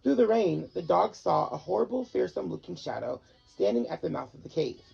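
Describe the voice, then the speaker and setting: Gravelly, husky storybook reader. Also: mid-range voice, fairly quick. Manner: expressive, animated narration. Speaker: host reading storybooks. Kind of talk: storybook read-aloud. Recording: dull lo-fi with faint music.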